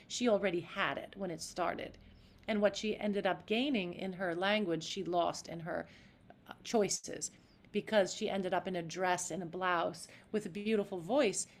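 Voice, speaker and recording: An actress talking as a podcast guest in an animated, demonstrative way. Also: female voice, mid-range voice. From United States. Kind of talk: interview.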